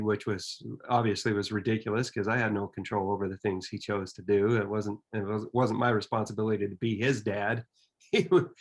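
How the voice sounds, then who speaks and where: A man in his fifties telling a personal story in an earnest, reflective way, often pausing and restarting his sentences. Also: on the low side.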